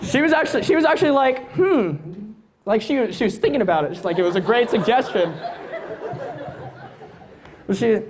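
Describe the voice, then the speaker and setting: A man's voice: very high-pitched, a little fast, pauses often, some chatter behind. A young man in his late teens doing live stand-up comedy on a stage mic, rambling and hesitant, often amused at himself.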